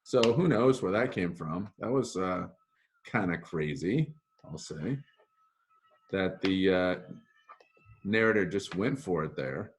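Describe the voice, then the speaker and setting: A middle-aged man teaching a casual recorded lesson. He talks slowly in a lowish voice and rambles, pausing and correcting himself as he goes. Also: lively intonation, slight background noise. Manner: chatty, rambling, self-correcting. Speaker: Latin teacher.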